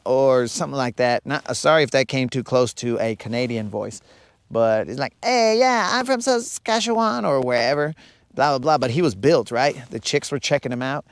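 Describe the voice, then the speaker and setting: A man's voice: mid-range voice, dry recording. A man hosting a live fishing stream from his boat on a lake, chatting casually, joking around and answering his viewers' comments as he talks. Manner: joking, rambling, reads and answers chat. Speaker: fishing livestream host.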